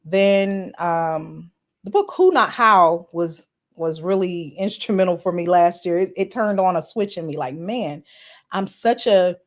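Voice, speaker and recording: Her voice sits fairly low and carries plenty of expression at a measured pace. She's a podcast host on a live stream, chatting casually, greeting commenters by name, and talking earnestly with a few filler words.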